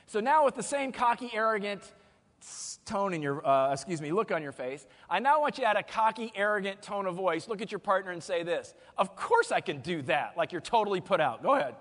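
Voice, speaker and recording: An energetic man delivers a motivational keynote on stage, his voice pitched notably high for a man. Long reverb from a big conference hall trails every phrase. He jokes with the crowd and coaches them through quick exercises. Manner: energetic, humorous, leads the audience through exercises. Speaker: keynote speaker.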